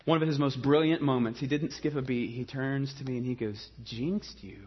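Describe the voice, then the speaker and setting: A man from Ohio preaching a sermon, mixing humorous storytelling with quiet, earnest passages. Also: medium pitch, steady tone, a little fast, dull audio, a little hiss or hum. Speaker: pastor.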